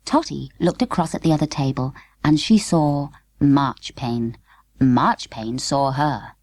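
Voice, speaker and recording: Low-voiced woman reading a children's story. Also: slow, no echo. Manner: lively, expressive storytelling. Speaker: audiobook narrator. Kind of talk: scripted storybook narration.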